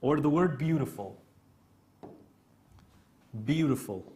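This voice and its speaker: Slight background noise sits under a fairly high, expressive, darkish male voice with a Kurdish accent. He is a native Kurdish speaker giving an English grammar lesson, explaining slowly and repetitively step by step with frequent "okay?" checks.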